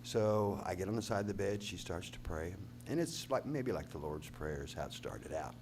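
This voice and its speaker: A man's voice: low voice, animated, moderate pace, a little mellow, slight background noise. A singer-songwriter man telling a long folksy story on a concert stage, rambling and stopping to correct himself. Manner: rambling, folksy, self-interrupting. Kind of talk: live on-stage storytelling between songs.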